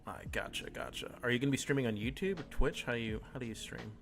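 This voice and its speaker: A man hosts a streamed talk in a loose, joking way, cursing casually. His voice sits at an ordinary mid pitch. Soft music plays faintly underneath. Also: fast, gravelly. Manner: loose and joking, swears freely. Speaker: host. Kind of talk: casual chat.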